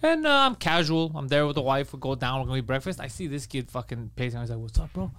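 A man's voice: mid-range voice, fast talker, clear, resonant tone. A man co-hosting a podcast in casual chat, telling a story with lots of swearing and acting out what others said. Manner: animated storyteller, acts out others' lines, swears a lot. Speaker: podcast co-host.

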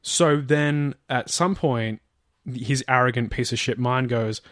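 A man's voice: medium pitch, fairly even intonation, slow pace, dry recording. Rambling man telling a story, dry sound. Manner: rambling, lots of fillers, swearing, acts out quotes. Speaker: podcast co-host. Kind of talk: casual storytelling chat.

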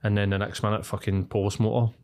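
A man's voice: lowish voice, fast. Sweary Glaswegian man telling stories. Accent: Scottish, Glaswegian. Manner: animated, sweary storytelling. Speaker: podcast co-host. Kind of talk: casual chat.

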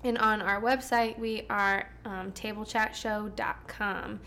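A woman's voice: medium pitch, fairly even intonation, takes it slowly, sharp tone, a little hiss or hum. A woman co-hosting a casual podcast, chatty and giggly as she reads out how to reach the show. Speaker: podcast co-host. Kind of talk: casual chat.

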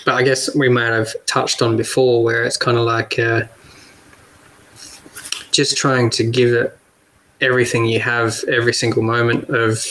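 A man's voice: medium pitch, moderate pace, pauses often, slight background noise, rough recording. Aussie guy on a podcast, easygoing chat, laughs a lot, doubles up words. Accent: Australian. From Australia. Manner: relaxed, laughs often, repeats words. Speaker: guest kart driver.

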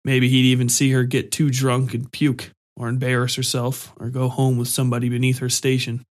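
Man narrating a dark story. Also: medium pitch, monotone, fairly quick.

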